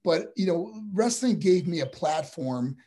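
Husky-voiced man telling rambling stories. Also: on the high side, a little slow. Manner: rambling, animated storytelling with restarts. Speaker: guest, former wrestler and boxer. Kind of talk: casual interview chat.

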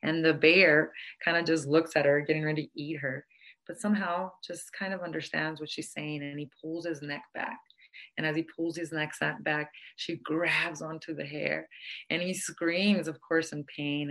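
A woman's voice: sits low, steady tone, normal speed, fairly bright tone. A woman telling a folk tale aloud and drawing an earnest, reflective lesson from it. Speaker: storyteller. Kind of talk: oral storytelling with a moral lesson.

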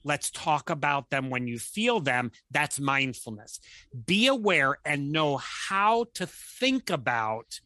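A man's voice: a little high, slow pace, dry recording. A man talking as a guest counselor, telling stories in conversation and acting out the voices of the people he quotes. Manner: animated storyteller who acts out quoted voices. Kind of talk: conversational storytelling.

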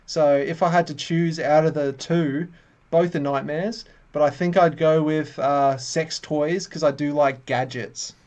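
A man co-hosting a podcast, playful and quick to poke fun at himself. His voice sits a little higher than most men's, and he tells his stories in a loose, chatty way. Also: fairly even intonation, darkish tone. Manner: self-deprecating, playful. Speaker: podcast co-host. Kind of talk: casual podcast banter.

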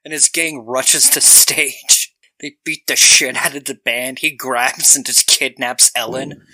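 A man's voice: medium pitch, fairly even intonation, a little slow, sharp tone, no echo. A man co-hosting a podcast, casually recapping a film scene by scene, laughing often and acting out lines from the movie. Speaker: podcast co-host.

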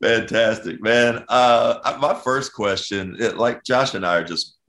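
A man's voice: medium pitch, measured pace, a bit bright. A man hosting a podcast interview, asking rambling, laid-back questions. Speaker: podcast host. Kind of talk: casual interview chat.

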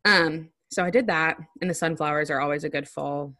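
A young woman with a Southern US accent, co-hosting a podcast in casual chat from her bedroom, playful and quick to laugh. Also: deep voice, sharp tone, dry recording, studio quality. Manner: laughs often, playful and chatty. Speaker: podcast co-host.

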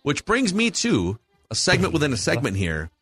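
A man's voice: a little high, wildly swooping pitch, moderate pace, a bit bright, husky, dry recording, faint music behind. A man in his forties with a Minnesota accent, hosting a casual sports podcast and eagerly running through rankings. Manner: enthusiastic, lists rankings. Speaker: podcast host.

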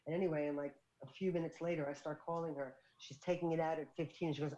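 A woman's voice: low voice, fairly even intonation, quick pace, few pauses, dark tone. An older woman in casual chat, telling a rambling anecdote. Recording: dull lo-fi sound.

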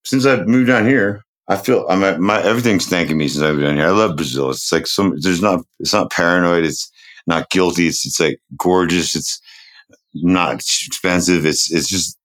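A man's voice: sits low, normal speed, a bit bright. A middle-aged man from Boston's North Shore, chatting as a podcast guest, rambling loosely, joking and trailing off mid-thought. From Boston's North Shore, USA. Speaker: guest musician. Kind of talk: casual podcast chat.

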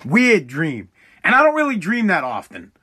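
A man's voice: sits high, wildly swooping pitch, moderate pace, bright, forceful tone. A man hosting his own podcast, talking casually in a rambling, profane way with many restarts. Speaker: podcast host. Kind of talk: casual solo podcast monologue.

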